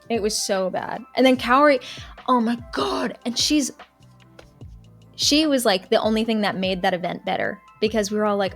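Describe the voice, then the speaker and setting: A young adult woman streamer telling an excited, gossipy story in casual chat, with lots of "like" between phrases. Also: mid-range voice. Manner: excited, gossipy retelling full of "like".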